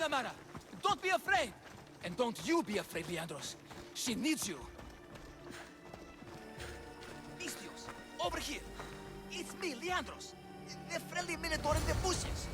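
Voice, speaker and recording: An actor playing a bumbling, cheerful father in a Minotaur costume in a video game, with an eager, theatrical manner. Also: very high voice. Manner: theatrical, eager, boastful roaring. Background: game music.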